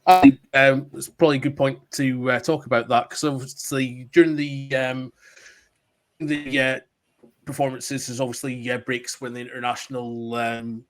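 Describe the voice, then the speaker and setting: A man's voice: medium pitch, level tone, moderate pace. A man co-hosting a casual podcast chat, talking with a chatty, giggly manner. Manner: chatty, frequent ums and laughs. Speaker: podcast co-host.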